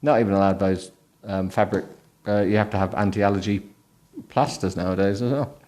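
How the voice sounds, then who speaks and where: A tired man with a low voice reads a book aloud as a host, breaking off for sarcastic, mocking commentary. His tone is dry and sleepy. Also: fairly even intonation, fairly quick, a little mellow. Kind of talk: comic book reading with running commentary.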